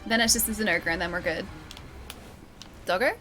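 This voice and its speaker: A woman's voice: mid-range voice, brisk, bright, forceful tone, low-quality recording. A woman with an Australian accent chatting casually as she plays a game on stream, coaxing and teasing the monsters. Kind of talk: casual gameplay commentary. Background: game music.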